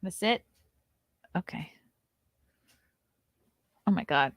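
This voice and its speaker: A woman's voice: fairly low pitch, lively intonation, very slow, creaky, a bit bright, dry recording, clean studio sound. A young adult woman hosting a casual morning talk show, reading news items aloud and breaking in with blunt, swearing asides. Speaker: podcast host.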